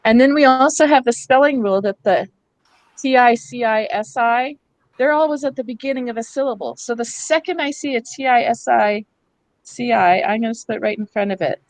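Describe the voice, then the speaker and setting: A woman's voice: on the high side, normal speed, no room sound, poor audio. A woman presenting a hands-on reading workshop to teachers in a school room, explaining patiently and checking in with the group as she goes.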